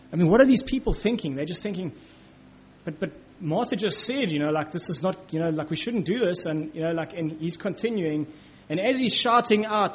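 On a dull lo-fi recording, a male preacher with a high, husky voice delivers a conversational Bible lesson. He keeps dropping "you know" and "like" into his talk and performs the quotes as he goes.

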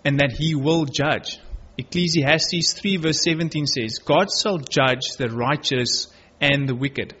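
A man's voice: fairly high pitch, slow pace, hardly any pauses, bright, forceful tone, slightly rough. A man preaching a sermon, reading Bible verses aloud and earnestly stressing key words. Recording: dull lo-fi recording.

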